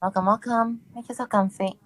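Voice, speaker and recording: A woman's voice: fairly high pitch, steady tone, fairly quick, dry recording, rough recording. A woman in casual chat, chiming in with playful teasing banter.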